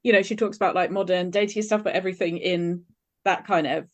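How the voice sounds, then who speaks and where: Guest: woman, southern English accent, easygoing, quick to laugh, video call. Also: fairly low pitch, fairly even intonation. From southern England. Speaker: podcast guest. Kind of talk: casual chat.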